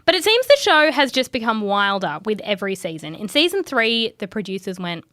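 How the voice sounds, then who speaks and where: Aussie woman co-hosting a podcast, bright voice, dry close mic, wry and giggly. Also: on the high side, big pitch swings, a little fast, dry recording. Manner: wry, laughing as she reads. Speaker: podcast co-host. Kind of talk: scripted podcast chat.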